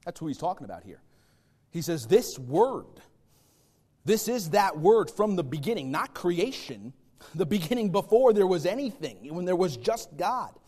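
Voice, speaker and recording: A pastor preaching a sermon to his congregation, swinging from loud, stressed phrases to hushed, slow asides and asking them direct questions. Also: high voice, very animated.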